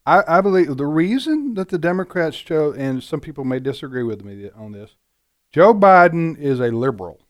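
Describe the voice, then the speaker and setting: A man giving political commentary in casual panel talk, halting and repeating words as he starts his points. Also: on the high side, very animated.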